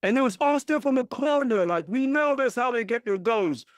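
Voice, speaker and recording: High-voiced man groaning through a match. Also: lively intonation, moderate pace, dry recording, studio quality. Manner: emotional, groaning and exclaiming with each moment. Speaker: fan watchalong host. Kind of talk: live match reaction commentary.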